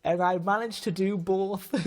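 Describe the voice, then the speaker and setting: A man talks to his livestream audience in a loose, casual sign-off. He is tearful and giddy, effusive and emotional. He swears casually as he thanks his viewers. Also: sits high. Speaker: livestream host.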